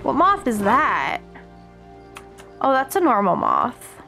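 A woman's voice: fairly high pitch, slow, vocal fry. Chatty american girl streaming games, voice bouncing all over, faint music behind. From United States. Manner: chatty, excitable, talks to chat while playing. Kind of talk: casual live-stream chat while gaming.

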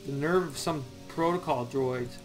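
This young man's voice is mid-range and his pace measured as he plays a video game. He offers casual, goofy, sarcastic let's-play commentary, talking back to the characters while game music runs underneath.

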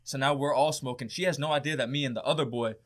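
A man's voice: medium pitch, steady tone, fast talker. A young man, a podcast guest, telling a wild story in casual, profane chat and often laughing.

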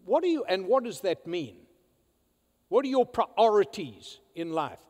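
A male pastor delivers a sermon from the pulpit, his voice high and leaping widely in pitch. He speaks slowly, driving home loud declarations and then dropping to hushed asides. The sound carries a long reverb from the church sanctuary. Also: big pitch swings.

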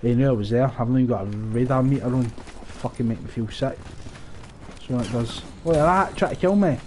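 A man giving live, profane, rambling commentary over his own gameplay, breaking into excited outbursts. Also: mid-range voice, fairly quick, a little hiss or hum. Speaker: gaming channel host.

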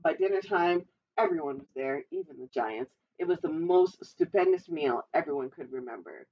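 A woman's voice: low voice, normal speed, far from the mic, lo-fi sound. A woman librarian reading a picture book aloud at storytime, adding chatty asides to the children.

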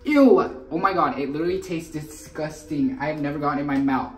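A woman's voice: sits low, fast talker, over loud music. A young woman vlogging in a casual, chatty way, with "literally" in every other sentence. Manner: chatty, says "literally" often. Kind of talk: casual vlog chat.

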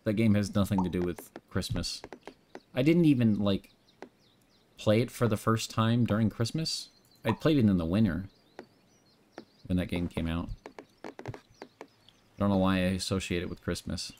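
Rambling male streamer, low voice. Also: moderate pace, pauses often, darkish tone, a little hiss or hum. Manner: rambling, offhand, drifts between tangents. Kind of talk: casual live-stream chat while playing a game.

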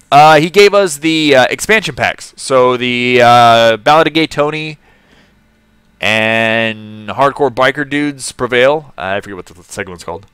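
A man from California talks through his game on a live stream in a bright, clean voice. He chats loosely, laughs often and greets viewers by name. The sound is dry and close, with no room echo. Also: medium pitch, measured pace, clear, resonant tone. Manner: chatty, laughs often, greets and answers chat. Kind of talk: casual live-stream commentary.

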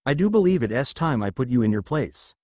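A man's voice: medium pitch, big pitch swings, brisk, a little mellow, no room sound. Arrogant young ninja girl, read by a man. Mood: scornful. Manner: contemptuous, cold. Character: arrogant overpowered young female ninja warrior.

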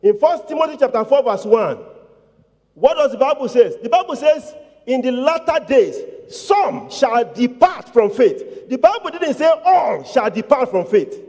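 A male pastor preaching a sermon in call-and-response style, with repeated questions to the congregation and loud emphatic declarations. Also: extremely high pitch, animated, normal speed. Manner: call-and-response preaching, repetitive, rising to shouts. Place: church. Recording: long church hall reverb.

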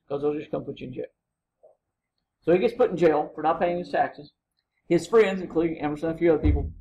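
A man's voice: a little high, darkish tone, highs cut off, slight background noise. A man lecturing a college humanities class, telling stories casually and acting out quotes, with frequent "right?" to the students.

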